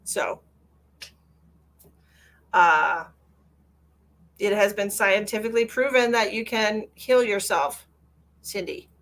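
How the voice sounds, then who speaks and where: A woman's voice: medium pitch, fairly bright tone. Blunt lecturing woman psychic. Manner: blunt, lecturing, repeats phrases for emphasis. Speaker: psychic medium. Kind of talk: live-stream reading with viewer comments. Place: at home with her cat.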